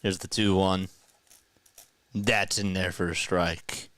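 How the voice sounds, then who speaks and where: A young man calls a baseball game live for viewers, easygoing and chatty, laughing between pitches. His voice is a little low and very clear, with an unhurried, slow delivery. He is recorded close to the mic in a dry, dead room. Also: little pitch movement, fairly bright tone, dry recording. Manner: casual, laughs often, chats with viewers. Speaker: play-by-play streamer. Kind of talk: live baseball commentary and chat.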